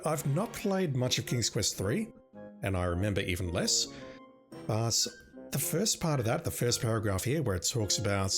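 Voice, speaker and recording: A man's voice: fairly low pitch, big pitch swings, moderate pace. A man casually thinking aloud with wry asides while playing an adventure game, with game music behind. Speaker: let's-play gamer. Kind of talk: casual gameplay commentary.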